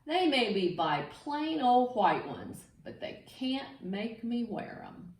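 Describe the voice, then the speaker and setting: A woman reading a picture book aloud to children, with an expressive, sing-song delivery that invites the listeners to join in. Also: a little high, slow pace, slight background noise. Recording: echoey room, mic set far off.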